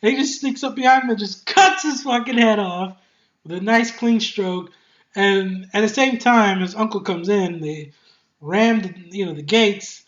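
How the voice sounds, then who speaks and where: An excitable game reviewer talking casually, swearing often, laughing a lot and rambling with many fillers and restarts. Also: mid-range voice, normal speed, dull audio.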